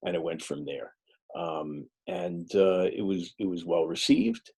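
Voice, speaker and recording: A middle-aged author giving a talk and telling stories in a relaxed, halting way, slipping into the voices of the people he quotes. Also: sits low, vocal fry, husky. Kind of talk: anecdotal storytelling talk.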